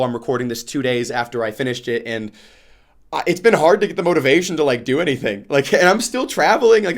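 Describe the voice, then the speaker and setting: Young guy, casual vlog, talks off the cuff, heartfelt, restarts a lot, mid pitch. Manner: rambling and emotional, many "like" fillers and restarts. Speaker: book vlogger.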